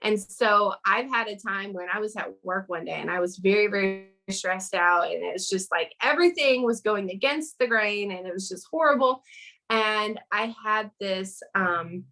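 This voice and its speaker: A woman's voice: mid-range voice, moderate pace, pushed and bright, poor audio. A woman speaking as a guest in a casual interview over a video call, earnest and chatty with lots of fillers.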